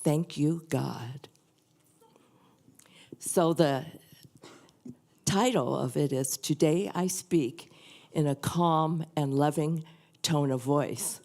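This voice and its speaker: An older woman reading a prayer and then sharing a personal story at a church service, soft and earnest. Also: low-pitched, slow. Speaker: guest reader at a church service. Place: church sanctuary.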